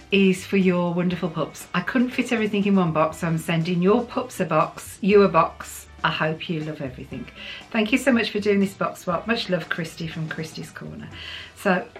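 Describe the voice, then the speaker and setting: An English vlogger from the UK with a lowish voice chats excitedly while unboxing gifts. She gushes, laughs often, and coos playfully at her dogs.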